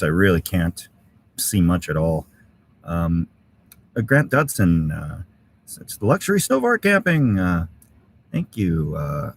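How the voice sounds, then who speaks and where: A middle-aged man with a low, easygoing voice chats with viewers on a live stream, filling his sentences with uhs and ums as he reads their comments. He sounds relaxed and unhurried. A faint hiss sits under his voice. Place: outdoor winter camp in severe cold.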